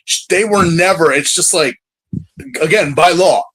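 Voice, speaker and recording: A man co-hosting a casual podcast chat, loud and jokey, breaking into shouted impressions. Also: on the high side, unhurried, rough recording. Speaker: podcast co-host.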